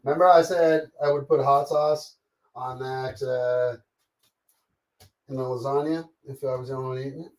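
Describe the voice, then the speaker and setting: A middle-aged Canadian man live-streams while cooking, reading chat and talking casually with viewers. His voice is medium-pitched and fairly even at a normal speed, and he greets people by name and swears freely.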